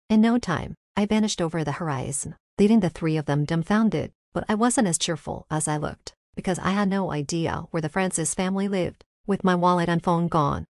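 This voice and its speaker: A woman reading a first-person story aloud as narrator, in an even storytelling manner. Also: lowish voice, no room sound, clean studio sound. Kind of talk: scripted narration.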